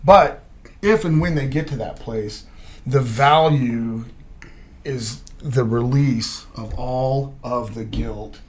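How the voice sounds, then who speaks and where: A man's voice: mid-range voice, slow, a little mellow. A man joins a podcast conversation as co-host. He speaks sincerely and encouragingly, and he affirms the other speaker as he goes. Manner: earnest and encouraging.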